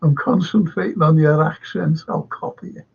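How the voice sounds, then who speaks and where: A man's voice: a little high, normal speed, gravelly, breathy edge, phone-quality sound. A man with a Scouse accent hosting a live stream, chatting in a meandering way and reading out viewer comments. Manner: meandering, chatty, self-interrupting.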